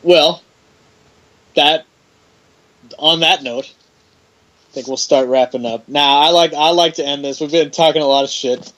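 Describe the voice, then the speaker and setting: A man's voice: fairly high pitch, fairly even intonation, unhurried, long pauses, fairly bright tone, low-quality recording. A man hosting a podcast in casual chat, blunt and jokey, steering the talk along. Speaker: podcast host.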